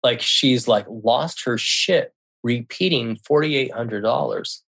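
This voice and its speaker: A man's voice: mid-range voice, vocal fry, fairly bright tone, slightly rough. A middle-aged man telling a personal story in casual speech, stopping often to restart and correct himself. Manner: halting, with frequent restarts and self-corrections.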